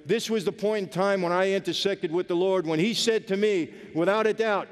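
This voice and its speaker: A man's voice: sits high, fairly quick, hardly any pauses. A man giving an earnest personal testimony, speaking emphatically and directly to his audience. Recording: long reverb of a large hall.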